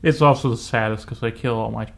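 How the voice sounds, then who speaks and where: Young cohost, blunt matter of fact, regular pitch. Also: male voice, steady tone, quick pace, gravelly, a bit bright. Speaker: podcast co-host. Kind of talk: casual chat.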